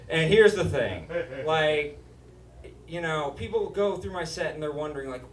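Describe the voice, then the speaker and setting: A man's voice: on the high side, expressive, moderate pace, a little hiss or hum. A man from Utah performing a stand-up comedy set, with a nasal, whiny voice and a brash, profane, self-mocking delivery. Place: comedy club stage before a live audience. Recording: echoey room, distant mic, audience laughter.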